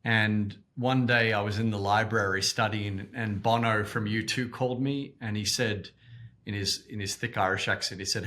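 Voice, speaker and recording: An Australian man in his forties with a low voice and a bright, forceful edge. He tells stories in an animated way, doubling back on words as he restarts. He speaks as an interview guest. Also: moderate pace. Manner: animated storyteller, repeats words when restarting. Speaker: guest, activist organization co-founder. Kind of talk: interview storytelling.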